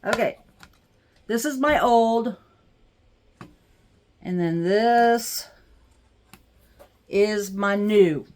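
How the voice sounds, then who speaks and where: A middle-aged woman speaks at an unhurried, drawn-out pace in a casual home vlog. She gushes with excitement and talks straight to her viewers, picked up by a camera mic in a craft room. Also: medium pitch, a little hiss or hum. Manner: gushing, excitable, chatty with viewers. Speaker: vlogger.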